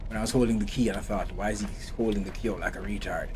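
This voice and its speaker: A man's voice: lowish voice, steady tone, rapid-fire, background noise. A man streaming a horror game live, talking to himself and taunting the enemy, swearing when things go wrong. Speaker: gaming channel host. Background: game music.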